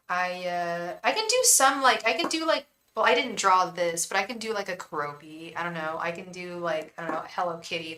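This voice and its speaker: Her voice is on the low side, pushed and bright, and the audio is poor. This tarot reader chats casually on a live stream and does card readings, rambling, talking straight to viewers by name, using slang like "girl" and "hun," and murmuring a repeated invocation while shuffling.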